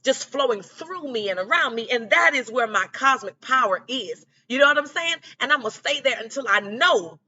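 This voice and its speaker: Woman hyping you up on spiritual stuff, high bright voice, kinda lo-fi sound. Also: expressive, normal speed, few pauses. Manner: casual, encouraging, colloquial, repeats "okay?" and "you know what I'm saying?". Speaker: spiritual guidance creator. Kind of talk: motivational spiritual talk.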